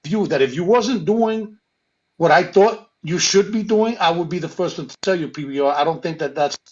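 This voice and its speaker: A man's voice: a little high, animated, normal speed, a little mellow, highs cut off. A man in casual podcast chat giving earnest advice, repeating his phrases for emphasis.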